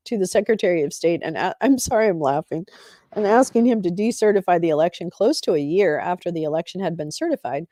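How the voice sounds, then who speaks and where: A woman's voice: on the low side, dark tone, dry recording, studio quality. A woman hosting a livestream, reading legal text aloud and breaking off into sarcastic, chatty asides to her viewers. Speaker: livestream host.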